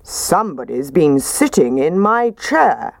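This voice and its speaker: Gruff papa bear from a storybook, low and slow, voiced by a woman. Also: sing-song, no room sound, exaggerated voice. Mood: indignant. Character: gruff big father bear.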